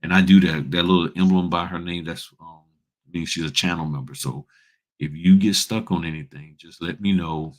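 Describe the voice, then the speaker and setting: A man's voice: low voice, steady tone, moderate pace. A man hosting a casual livestream, giving blunt, folksy advice and addressing viewers as y'all. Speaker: notary public and livestream host.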